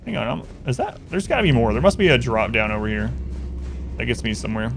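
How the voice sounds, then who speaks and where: A man's voice: medium pitch, very animated, fast talker, creaky, a little hiss or hum. A man chatting casually on a game stream, rambling through a story and answering chat.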